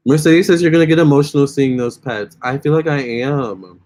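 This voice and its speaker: A man's voice: medium pitch, brisk, darkish tone. A young man hosting a casual phone livestream, chatting with viewers and reading their comments aloud. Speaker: livestream host.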